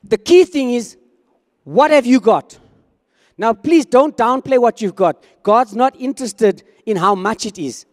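A man's voice: extremely high pitch, animated, unhurried, in a large hall. A man preaching a sermon as pastor, talking conversationally and acting out quoted dialogue.

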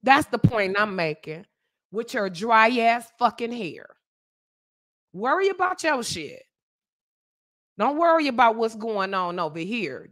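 A woman's voice: a little high, a bit bright. A woman hosting a casual livestream podcast, greeting viewers by name and trash-talking with blunt slang. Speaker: podcast host.

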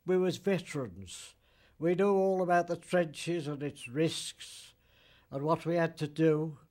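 A man in his nineties, a veteran, recounting memories in an interview, halting and plain-spoken with dialect grammar. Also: fairly high pitch, darkish tone. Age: 90s. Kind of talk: recollection interview.

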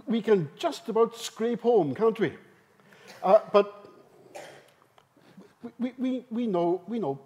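Male seminar speaker, high and lively delivery, slow, emphatic, keeps prompting the audience. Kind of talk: conference seminar talk. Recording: live talk in a hall.

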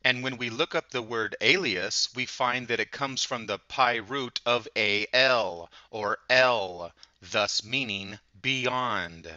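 A man giving a measured, lecturing monologue that explains where words come from. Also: fairly low pitch, sharp tone, dry recording. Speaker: channel host. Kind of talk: explanatory monologue on word origins. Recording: dull lo-fi recording.

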